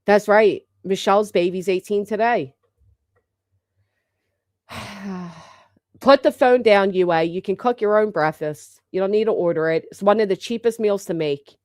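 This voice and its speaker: A woman's voice: mid-range voice, moderate pace, long pauses, a little mellow, no echo, clean studio sound. A woman in her thirties hosting a livestream, bantering casually with her chat in a brash, teasing way and swearing freely. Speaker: livestream host.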